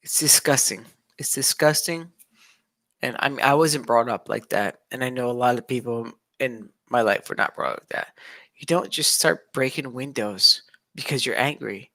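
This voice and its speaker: A man's voice: medium pitch, moderate pace, gravelly, sharp tone. An agitated young man rants straight to camera in a loose monologue. He circles back over the same points again and again, and a mocking tone keeps slipping in. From United States. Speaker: vlogger. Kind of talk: casual ranting monologue.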